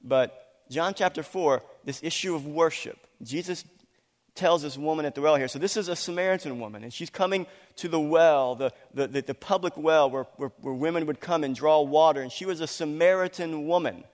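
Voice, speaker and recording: A man preaching a sermon as a pastor, animated and acting out voices when he quotes people, laughing now and then. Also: on the high side, moderate pace. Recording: long hall reverb.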